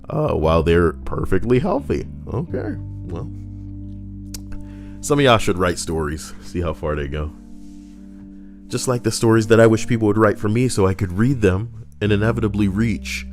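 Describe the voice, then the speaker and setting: A young man reading Reddit posts and riffing on them in a crude, joking, rambling way. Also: sits low. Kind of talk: casual commentary.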